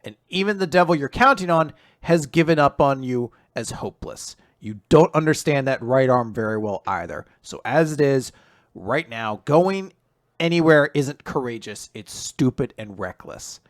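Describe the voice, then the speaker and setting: A man's voice: mid-range voice, lively intonation, normal speed, dry recording, clean studio sound, natural voice. Man doing a cool, condescending cloaked stranger. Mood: lecturing.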